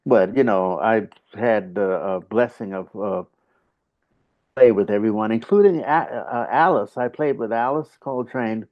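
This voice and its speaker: A fairly low-pitched man talks over a muffled, lo-fi video call connection. He reflects in a loose, halting way, full of fillers, and sometimes hums short grunts to show what he means. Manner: rambling, halting, many fillers and "you know"; hums little grunts to illustrate. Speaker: saxophonist and bandleader, interview guest. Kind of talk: casual reflective storytelling. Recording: dull lo-fi video call audio.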